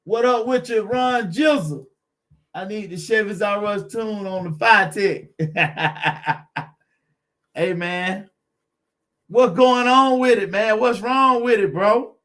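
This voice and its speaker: A man's voice: sits high, slow, long pauses, sharp tone. A man hosting a car channel live stream, chatting with viewers in a laid-back, encouraging way and greeting them by name.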